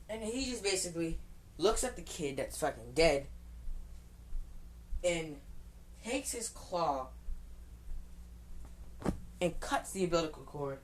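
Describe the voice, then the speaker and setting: A woman with a notably deep voice tells an improvised fan story off the cuff. She rambles and restarts, swears freely, and bristles defiantly at anyone who dislikes her version. A faint hum sits under her voice. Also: big pitch swings, takes it slowly, long pauses, low-quality recording. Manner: rambling, profane, frequent restarts; defiant outbursts at critics.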